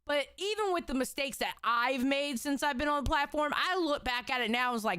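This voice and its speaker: Woman streamer, slightly high voice, loose profane chat commentary. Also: animated, a little fast, hardly any pauses, sharp tone, no room sound, clean studio sound. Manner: loose, profane, repeats herself. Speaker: streamer reacting. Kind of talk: casual live-stream commentary.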